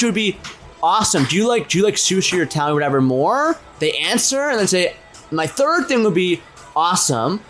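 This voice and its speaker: A man's voice: sits high, very animated, brisk, fairly bright tone, soft background music. A man in his twenties co-hosting a casual podcast, talking animatedly, swearing and acting out his own pickup lines. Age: 20s. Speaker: podcast co-host.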